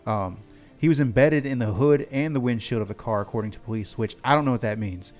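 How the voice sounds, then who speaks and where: A man's voice: mid-range voice, fast talker, darkish tone, soft background music. A man co-hosting a podcast, reading odd news headlines and riffing on them with crude, profane jokes. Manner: profane, joking, reads news stories aloud. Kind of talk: crude comedic chat.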